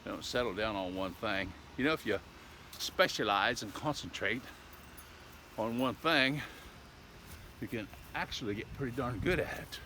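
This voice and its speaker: Chatty man rambling outdoors, bright voice. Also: on the low side, normal speed, a little hiss or hum. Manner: chatty, folksy, ends with "eh?", puts on a mock English accent. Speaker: vlogger. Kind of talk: casual rambling vlog talk. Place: outdoors on a walk.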